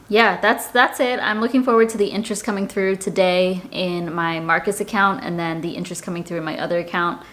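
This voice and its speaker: A woman's voice: lowish voice, fairly even intonation, fairly quick, hardly any pauses, a bit bright. A woman giving a casual vlog update on her finances, chatting straight to her viewers. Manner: chatty, talks directly to viewers with "y'all". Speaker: personal finance vlogger.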